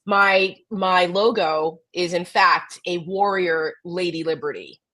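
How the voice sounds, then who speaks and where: A woman's voice: fairly low pitch, slow pace, bright, forceful tone, poor audio. A woman co-hosting a casual political chat show over a video call, talking bluntly and with animation, cursing now and then. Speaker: co-host.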